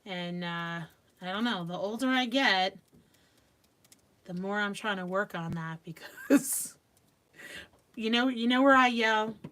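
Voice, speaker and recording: A woman's voice: mid-range voice, takes it slowly, long pauses, sharp tone. A middle-aged woman from Long Island hosting a live craft stream. She chats casually, laughs often, and talks while she works. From Long Island, New York.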